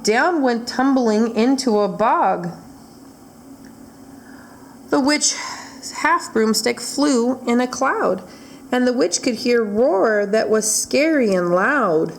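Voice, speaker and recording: A woman reading a rhyming picture book aloud for a library storytime. Her pace is slow and deliberate, following the rhythm of the verse. A faint room ambience sits behind her voice. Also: a little high, expressive, slight background noise.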